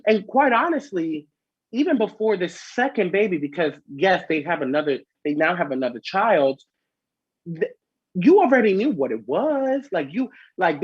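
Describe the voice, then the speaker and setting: A sassy man dishes gossip in a chatty, animated way as a vlog host. His voice is husky and breathy, sitting in a middling pitch. The sound is dry and slightly dull, like a lo-fi home recording. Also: dry recording.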